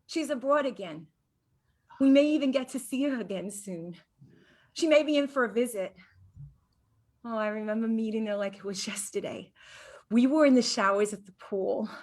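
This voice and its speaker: An actress playing a chatty wife with a breezy, teasing, theatrical way of talking. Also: female voice, fairly high pitch, moderate pace, pauses often, darkish tone, lightly acted. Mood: reminiscing. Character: chatty, bright-voiced wife. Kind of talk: amateur audio drama.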